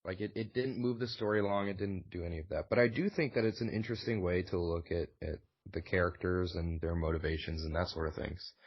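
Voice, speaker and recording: A man co-hosting a podcast, talking in a relaxed, rambling way with many fillers and casual swearing. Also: low voice, quick pace, hardly any pauses, slightly rough. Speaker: podcast co-host. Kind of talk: casual chat. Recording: dull lo-fi recording.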